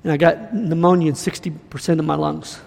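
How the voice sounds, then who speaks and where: Male preacher, fervent storytelling and declarations, raspy edge, reverberant hall. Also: fairly high pitch, flat delivery, a little fast, a little mellow. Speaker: guest preacher. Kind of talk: sermon and prophetic declaration.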